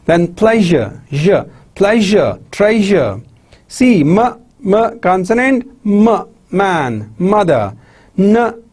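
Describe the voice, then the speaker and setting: A man's voice: high-pitched, darkish tone, slightly rough. A male lecturer with a Pakistani English accent, drilling example words for students and checking in with "right?" after each set. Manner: addresses listeners as "my dear students". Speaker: university lecturer. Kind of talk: recorded lecture on pronunciation.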